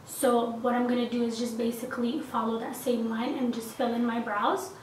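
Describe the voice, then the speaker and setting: A woman's voice: on the high side, level tone, normal speed. A young woman narrating a makeup tutorial in a chatty, upbeat, gushing way, recorded in a small apartment. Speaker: makeup vlogger. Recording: echoey room, distant mic, faint hiss.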